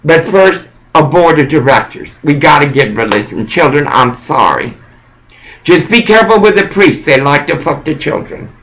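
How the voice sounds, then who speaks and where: A man giving a rambling, preachy monologue in an intense, halting way that circles back and repeats phrases. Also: fairly high pitch, expressive, a bit bright, poor audio.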